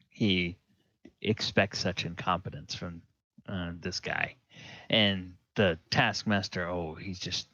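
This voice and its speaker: A man's voice: low-pitched, sharp tone, no room sound, dull audio. A man narrating as dungeon master in a rambling way, full of fillers. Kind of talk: narrating a tabletop game.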